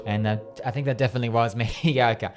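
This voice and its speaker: A man's voice: medium pitch, fairly even intonation, fast talker, faint music behind. A man with an Australian accent hosting a radio show, telling a long joke in a chatty way and laughing at his own punchlines. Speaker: radio host. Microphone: studio microphone.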